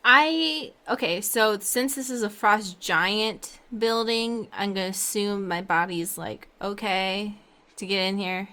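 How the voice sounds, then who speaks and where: A woman playing a tabletop game drops offhand jokes between turns. Her voice sits at an average pitch. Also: slow, bright, forceful tone. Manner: joking, offhand. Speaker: player. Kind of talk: casual tabletop chat.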